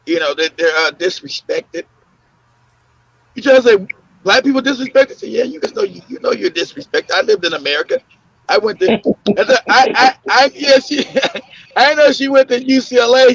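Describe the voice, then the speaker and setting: A podcast host with an extremely high-pitched, somewhat bright voice tells loose stories on a casual talk show, full of fillers, restarts and laughs. The recording is dry and muffled lo-fi audio.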